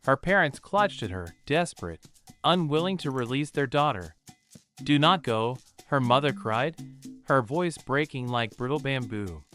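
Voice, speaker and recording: A man narrating a soothing bedtime story in a calm, gentle, measured way. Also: mid-range voice, faint music behind.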